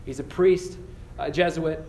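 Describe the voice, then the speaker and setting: A man preaching to students in an earnest storytelling manner, his voice sitting a little high. He stumbles and restarts often, then slows into a hushed prayer. The room is echoey with a faint hum of ambience. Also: steady tone. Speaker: campus pastor. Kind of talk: sermon ending in prayer.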